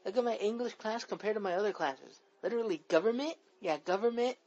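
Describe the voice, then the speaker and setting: This is a young man from talking at a rapid clip on a casual podcast. He rambles, circles back on his own words and swears freely as he vents. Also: high voice, darkish tone, dull audio. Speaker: podcast co-host. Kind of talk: casual chat.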